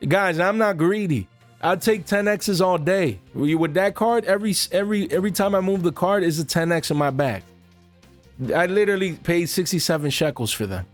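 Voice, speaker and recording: A man giving casual, animated commentary on the card market to his viewers, full of slang and asides to "guys". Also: high voice, normal speed, faint music behind.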